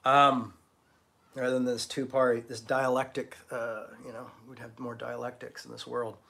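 A man's voice: mid-range voice, flat delivery, normal speed, creaky, a bit bright. A middle-aged man preaching an informal, conversational sermon as pastor of an online church, blunt and emphatic, with casual swearing and self-deprecating humor.

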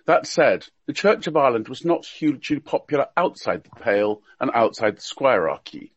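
Man, husky and wry, presenting a prepared talk over muffled call audio. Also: medium pitch, very animated, normal speed, no echo. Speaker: panelist presenting a topic. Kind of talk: prepared talk read aloud.

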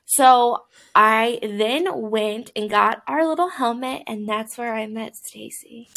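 A woman co-hosting a relaxed podcast, talking in a chatty, storytelling way with plenty of "like". Her voice sits a little high. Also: takes it slowly, creaky. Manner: chatty, animated storyteller, lots of "like". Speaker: podcast co-host. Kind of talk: casual chat.

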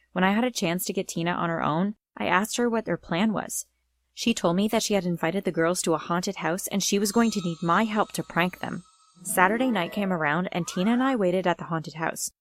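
A woman narrating a first-person story in a plain storytelling read. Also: on the low side.

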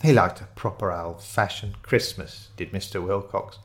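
A man's voice: deep voice, normal speed. A man voicing a motherly middle-aged woman receptionist who is tearful and chatty and calls people ducks and dear. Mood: fond.

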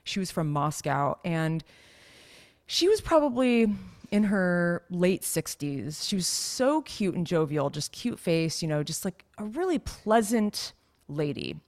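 A chatty woman with a slightly low voice, co-hosting a casual podcast. She rambles through her stories, loaded with "like" and "you know." Her talk stays loose and unhurried. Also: sing-song, a little mellow. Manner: chatty, rambling storyteller with many fillers. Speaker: podcast co-host. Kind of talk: casual chat.

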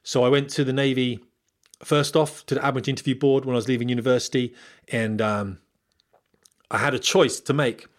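Fast-talking man giving candid career advice. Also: medium pitch, steady tone. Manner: candid, rambling, with frequent fillers and restarts. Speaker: former military pilot giving career advice. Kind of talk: casual monologue to viewers.

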